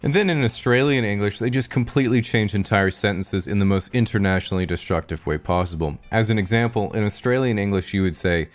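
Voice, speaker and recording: A man with a Pacific Northwest American accent giving scripted comedic narration in a dry, deadpan, sarcastic way. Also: on the low side, fast talker, hardly any pauses.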